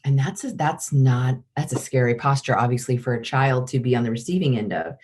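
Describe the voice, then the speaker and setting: A woman guest on a parenting podcast, talking in a lively way and acting out examples. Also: rumbling low, brisk. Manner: animated, acts out examples. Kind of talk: podcast conversation.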